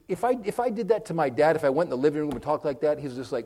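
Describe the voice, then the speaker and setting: A man preaching a conversational sermon, folksy and direct with his listeners, swinging from loud emphasis to hushed, whispered moments. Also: on the high side, rapid-fire, hardly any pauses. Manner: folksy, direct, addresses listeners with okay and amen.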